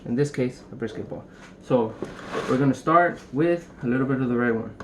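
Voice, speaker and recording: A young man casually showing how to prep a brisket at home, rambling and cracking jokes as he works. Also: mid-range voice. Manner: joking, rambling, swears casually. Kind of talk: casual cooking demonstration. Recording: noisy room ambience.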